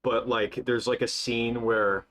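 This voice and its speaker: Young male streamer, chatty and excitable, rambles with lots of fillers. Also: medium pitch, takes it slowly. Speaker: livestream host. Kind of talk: casual livestream chat.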